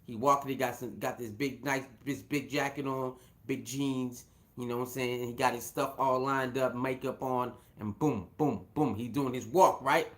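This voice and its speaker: Hosting his own show, a man speaks at a moderate pace in a steady, mid-range voice. His loose commentary wanders with fillers, restarts and repeated words, and he chuckles now and then.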